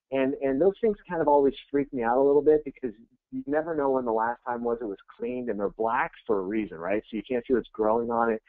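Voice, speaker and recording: A man coaching real estate agents in a webinar, telling jokey, energetic stories. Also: medium pitch, dry recording. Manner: energetic, joking, fast anecdotes. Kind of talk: webinar coaching talk with storytelling. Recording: tinny phone-like line, dry.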